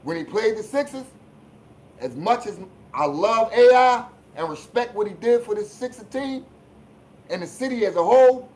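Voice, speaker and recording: A man from hosting a live-streamed sports talk show, ranting bluntly and with plenty of profanity, dropping low for asides and rising into shouts. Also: animated, moderate pace, a little hiss or hum, rough recording. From Philadelphia.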